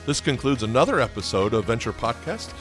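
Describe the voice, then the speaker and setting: A man preaching a podcast sermon in a conversational way, often checking in with the listeners with quick questions. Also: mid-range voice, big pitch swings, fairly bright tone, faint music behind. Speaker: pastor.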